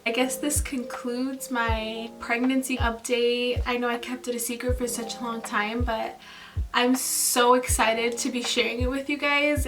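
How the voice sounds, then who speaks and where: A young woman talking casually to her camera about her pregnancy, chatty and gushing, with lots of fillers and laughs. She says she is tired these days. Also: high-pitched. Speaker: vlogger. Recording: mic at a distance, music behind. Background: background music.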